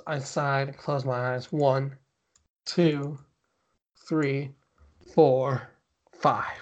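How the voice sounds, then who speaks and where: A man's voice: medium pitch, little pitch movement, drawn-out words, pauses often. A man co-hosting a podcast, reading a spooky story aloud with mock drama and stopping now and then to laugh and chat. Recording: dull lo-fi podcast audio.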